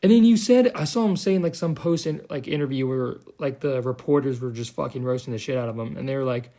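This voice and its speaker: A man's voice: medium pitch, fast, few pauses, mellow. A young man giving a heated, profane, sarcastic commentary rant as a vlogger. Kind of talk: ranting commentary.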